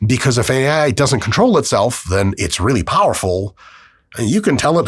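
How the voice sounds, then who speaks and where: Animated, profane man with a husky voice. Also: mid-range voice, no echo. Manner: animated, profane, acts out quick voices in his story. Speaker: podcast host. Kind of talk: casual solo monologue.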